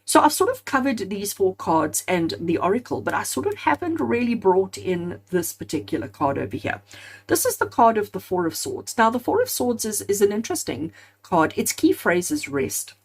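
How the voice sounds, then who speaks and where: A woman's voice: mid-range voice, very animated, normal speed, breathy edge. A woman giving a spoken tarot reading to her viewers. She talks earnestly, calls them friends, and builds emphatic lists of repeated phrases. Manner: addresses viewers directly as friends. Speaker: tarot card reader.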